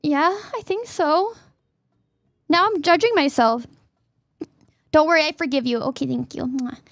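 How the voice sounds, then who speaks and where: High-voiced giggly woman streamer. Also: animated, a little slow, dry recording, studio quality. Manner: giggly, playful, bursts into yelling. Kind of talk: casual live-stream chat, reading questions.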